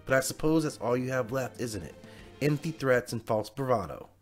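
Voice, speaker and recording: A man's voice: mid-range voice, lively intonation, normal speed, soft background music, lightly acted. Jeannie, a purring taunting genie, as a man puts her on. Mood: menacing. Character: taunting female genie, smug and menacing.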